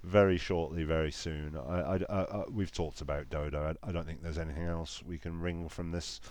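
A man's voice: sits low, fairly even intonation, a little fast, a little mellow. A man co-hosting a casual chat, dry and wry, with some stumbling restarts. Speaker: podcast co-host.

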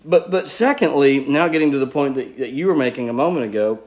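A man's voice: mid-range voice, expressive, quick pace. A man preaching a sermon, teaching through a Bible passage in an earnest, explanatory way with frequent restarts. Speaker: pastor.

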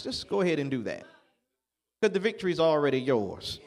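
A man preaching a sermon, calling on the congregation to answer and building up to shouts. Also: fairly high pitch, very animated, a little fast, vocal fry, long pauses. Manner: call-and-response preaching, rising to shouts.

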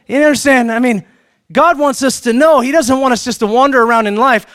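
A male pastor with a notably high voice preaches an animated sermon at a brisk pace, acting out little question-and-answer exchanges. He swings between loud, emphatic peaks and soft, hushed asides.

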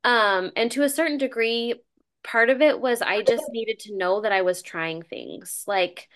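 A woman's voice: on the high side, unhurried, fairly bright tone. A middle-aged woman hosting a podcast, talking earnestly in a loose, conversational way with many fillers and restarts. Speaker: podcast host. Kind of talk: casual conversational interview.

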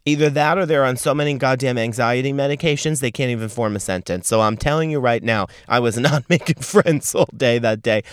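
A man in his thirties rants through a casual podcast story, sassy and full of profanity. His voice is smooth and mid-pitched, and it sits close and dry with no room sound around it. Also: dry recording. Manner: profane, sassy, animated ranting. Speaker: podcast host.

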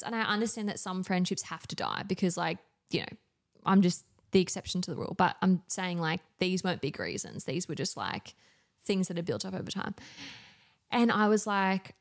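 A woman's voice: lowish voice, lively intonation, normal speed. A woman in her thirties with an Australian accent, telling stories as a podcast guest in casual chat, full of fillers. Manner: chatty storytelling, many fillers.

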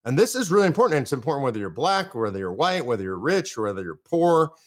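A man's voice: mid-range voice, big pitch swings, fast talker. A man from the United States hosting a political podcast, emphatic and fired up, driving his points home in runs of repeated phrases. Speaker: podcast host.

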